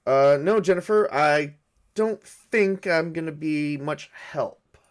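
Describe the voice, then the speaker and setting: A man's voice: a little high, slow. A man doing an exasperated weary cop. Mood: resigned. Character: exasperated middle-aged male cop, weary and disbelieving.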